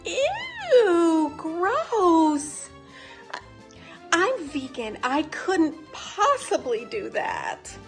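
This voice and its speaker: A woman's voice: high voice, expressive, a little slow, a bit bright, faint music behind. A woman playing a gushing would-be starlet. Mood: disgusted. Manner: gushing, over-the-top, ruthless ambition. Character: eager young woman chasing Hollywood fame. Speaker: game show contestant.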